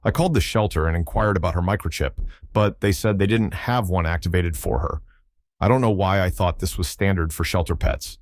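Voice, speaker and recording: Deep-voiced guy reading a reddit-style story, steady and even, dry close sound. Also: brisk, dry recording. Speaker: story narrator. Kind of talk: scripted first-person story narration.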